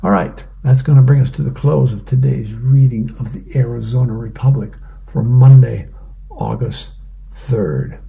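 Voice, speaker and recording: A man reading the newspaper comics aloud for a radio reading service, casual and relaxed with fillers. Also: medium pitch, normal speed, creaky, poor audio. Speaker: volunteer newspaper reader.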